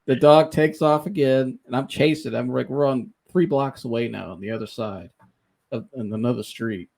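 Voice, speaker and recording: A man hosting a podcast, telling a funny story in a casual, animated way, laughing often and mimicking the people he quotes. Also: medium pitch, moderate pace, creaky. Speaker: podcast host.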